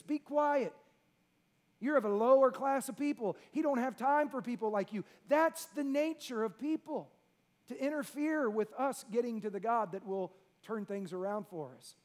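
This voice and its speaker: A pastor preaching a sermon, dropping to a hush and rising to shouts. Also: male voice, high voice. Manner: preaching with sweeping swings from hushed to shouting.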